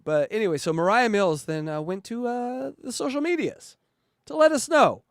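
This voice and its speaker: A man's voice: high voice, moderate pace, no room sound, clean studio sound. A man co-hosting a comedy podcast, mocking clips and laughing as he talks. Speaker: co-host.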